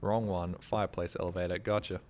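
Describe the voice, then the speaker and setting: A man's voice: deep voice, little pitch movement, brisk, noisy background. A man streaming a game live, rambling and swearing in casual commentary, often laughing.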